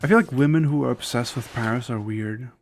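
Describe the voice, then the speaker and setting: Guy streaming a game and rambling to chat, says "like" constantly, blunt opinions, average pitch. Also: a little fast, slight background noise. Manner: rambling, loose, with constant "like" fillers; opinionated and candid. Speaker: live streamer. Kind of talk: casual live-stream chat while gaming.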